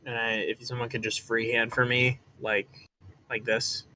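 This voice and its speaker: Bright-voiced man running a tabletop game. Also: mid-range voice, flat delivery, normal speed, a little hiss or hum. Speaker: dungeon master.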